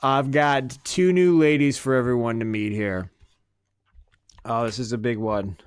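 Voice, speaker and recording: A man's voice: medium pitch, fairly even intonation, unhurried, clean tone, no echo, clean studio sound. Profane, rambling male podcast host. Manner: swings between loud outbursts and muttered asides. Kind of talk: casual comedic rant.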